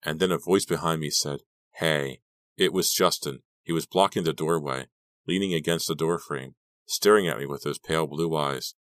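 A man with an extremely deep voice reads a first-person teen horror story. His delivery is steady and measured. The mic is close and the room is dead dry. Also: no room sound. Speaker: audiobook reader. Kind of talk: scripted first-person narration.

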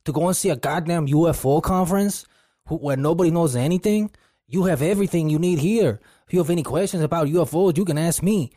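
A man's voice: fast, no echo, clean studio sound, close to an everyday voice. A man voicing an angry man with a thick Spanish accent who scolds and berates. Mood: berating. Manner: berating, loud, high-pitched, calls him fool.

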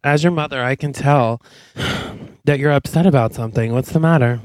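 A man's voice: medium pitch, a little fast, darkish tone, no echo, natural voice. A man improvising a pushy, passive-aggressive middle-aged mother who lectures her daughter. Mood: nagging. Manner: preachy, guilt-tripping.

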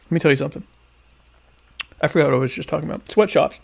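A man chatting casually to viewers while eating dinner, rambling and joking with deadpan irony about being a quiet type. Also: fairly high pitch, racing, gravelly, background noise. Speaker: vlogger answering viewer questions. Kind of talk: casual comedic chat.

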